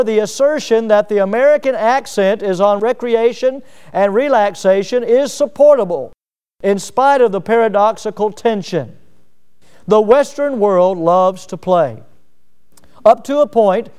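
High, clear-voiced male preacher. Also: a little mellow. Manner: reads a passage then breaks off with asides and checks. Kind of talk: sermon reading and commenting on a book.

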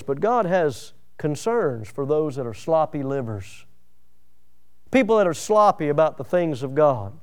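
A man preaching a sermon, animated and humorous, acting out scripture scenes. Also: on the high side, smooth. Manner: animated, acts out biblical voices with humor.

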